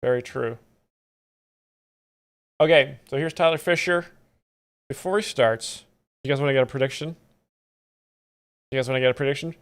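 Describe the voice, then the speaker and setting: A man talking on his live stream in a smooth, resonant voice, set at an ordinary middle pitch. He delivers absurd explanations in dry, mock-expert deadpan. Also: normal speed, pauses often. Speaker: streamer explaining comedy clips.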